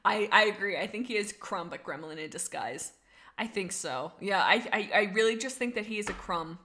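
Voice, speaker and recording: This young woman chats on a casual livestream, rambling through viewer comments, bubbly and giggly, with lots of laughs and restarts. Her medium-pitched voice is animated with a sharp tone, at normal speed, over slight background noise.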